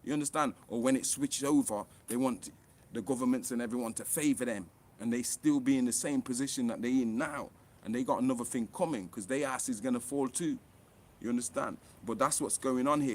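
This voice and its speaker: A man speaking straight to camera in a heated, impassioned rant. His delivery is blunt and full of swearing, and his voice keeps rising sharply for emphasis. His pitch sits in an ordinary middle range for a man. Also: a little fast, darkish tone. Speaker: author and online commentator.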